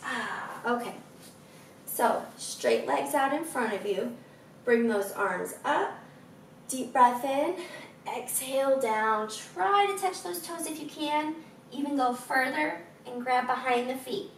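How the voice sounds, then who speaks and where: A woman's voice: high-pitched, takes it slowly, roomy sound, far from the mic. A woman in her thirties with a froggy, scratchy throat, guiding a stretching routine and chatting encouragingly between cues. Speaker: fitness instructor. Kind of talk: guided stretching with chatty asides.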